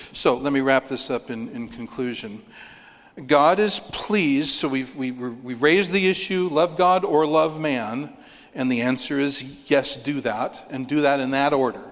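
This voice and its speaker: A man preaching a sermon, rising for key points and dropping low and quiet for stress. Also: long reverb tail. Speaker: pastor.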